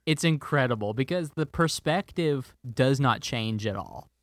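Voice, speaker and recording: Relaxed man chatting about movies. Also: medium pitch, a little slow, no room sound. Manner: playful, trades movie impressions. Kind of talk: casual movie chat.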